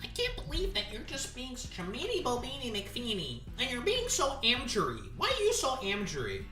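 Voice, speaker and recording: A man's voice: extremely high pitch, huge pitch swings, fairly quick, roomy sound, far from the mic, over music, pitched above the performer's own voice, heavily acted. A man mimicking a whiny, childish scolder in a mocking, babyish sing-song.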